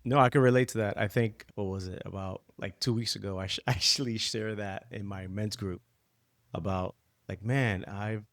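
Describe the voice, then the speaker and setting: A married man co-hosting a Bible discussion, speaking candidly with many halting restarts. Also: on the low side, fairly even intonation, fairly bright tone, no echo, studio quality. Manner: candid, halting, self-correcting. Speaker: podcast co-host.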